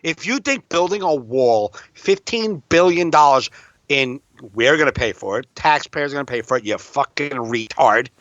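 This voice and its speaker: A man's voice: mid-range voice, animated, moderate pace, a bit bright, no room sound, lo-fi sound. A man co-hosting a podcast, chatting casually and breaking into heated, profane rants. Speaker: podcast co-host. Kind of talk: casual chat.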